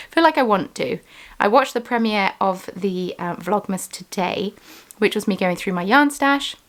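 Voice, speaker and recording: A woman's voice: medium pitch, expressive, measured pace. A woman running a small craft business, talking in a chatty, rambling way with lots of ums in a casual vlog. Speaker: small business owner and vlogger.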